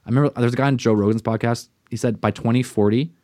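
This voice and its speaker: A man's voice: medium pitch, steady tone, fast, warm tone, dry recording, clean studio sound. A man co-hosting a podcast in casual chat, ranting with lots of swearing and mocking put-on quotes. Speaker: podcast co-host.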